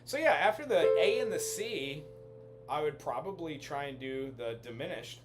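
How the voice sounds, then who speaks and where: A man's voice: on the high side, expressive, moderate pace. A man giving a casual music lesson, explaining chords and melody as he thinks aloud. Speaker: music teacher. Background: piano music.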